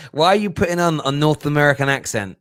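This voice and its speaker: A man's voice: on the high side, fairly bright tone, no echo, clean studio sound. A man hosting a fan call-in show with a chatty, joking manner who laughs easily with callers. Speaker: host.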